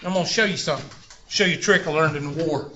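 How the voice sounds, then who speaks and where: A man's voice: fairly high pitch, quick pace, pushed and bright, slight background noise. Folksy man lecturing a math class. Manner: folksy, joking asides and anecdotes. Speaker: math instructor. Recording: roomy, dull classroom recording.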